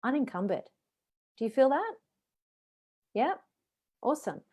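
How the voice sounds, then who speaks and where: A woman with an Australian accent, a voice and presentation coach leading a live online workshop, reading out questions and answering them with lively, varied inflection. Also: on the high side, moderate pace, long pauses, breathy edge.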